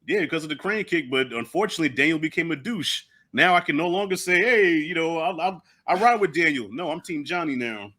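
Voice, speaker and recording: Bright, animated man telling stories. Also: on the high side, a little fast, few pauses. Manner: animated storyteller who acts out quoted voices. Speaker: host. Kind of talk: casual podcast chat.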